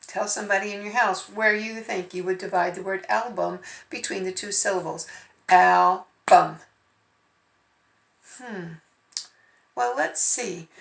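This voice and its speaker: A woman's voice: medium pitch, fairly even intonation, normal speed, gravelly, fairly bright tone. A woman teaching first graders phonics, patiently sounding out letters and syllables. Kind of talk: remote phonics lesson. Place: home. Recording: echoey room.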